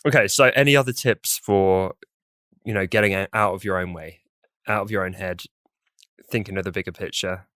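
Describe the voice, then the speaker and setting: A man hosting a podcast, chatty and quick to laugh while steering the talk. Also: sits low, steady tone, fairly bright tone, dry recording, studio quality. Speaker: podcast host. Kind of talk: casual chat.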